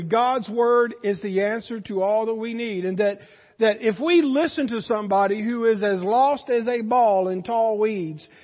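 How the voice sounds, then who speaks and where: A male pastor preaching a sermon in a folksy, storytelling way that rises to loud emphasis. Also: high-pitched. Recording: dull sound with long hall reverb.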